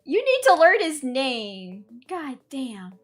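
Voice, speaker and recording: A woman streamer chatting casually on a live stream, excitable, swearing and loudly scolding her chat. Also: sits high, slow, soft background music.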